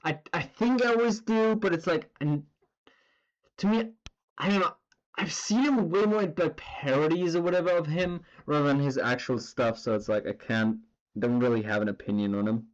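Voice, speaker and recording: Speaking at a normal speed in a slightly high voice, a man chats loosely as he draws on a live stream. The audio is dull, and his talk wanders, heavy on fillers with a swear word now and then.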